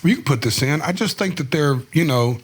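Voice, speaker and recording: A man's voice: fairly high pitch, expressive, fairly quick, slightly rough. A man, a guest musician telling stories in a candid, rambling, slangy way full of "like" fillers, recorded on a studio microphone. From Tennessee, US. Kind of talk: casual storytelling interview. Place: podcast studio.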